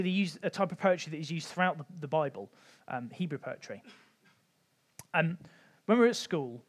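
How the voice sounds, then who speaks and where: A man giving an informal Bible teaching talk, conversational with light humour and frequent pauses. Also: fairly high pitch. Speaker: church teacher.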